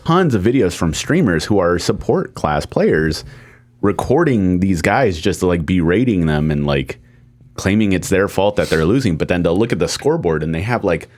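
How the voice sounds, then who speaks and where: A man's voice: low-pitched, animated, normal speed, a little mellow. A man co-hosting a gaming podcast in casual chat, rambling with lots of fillers and some swearing. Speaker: podcast co-host.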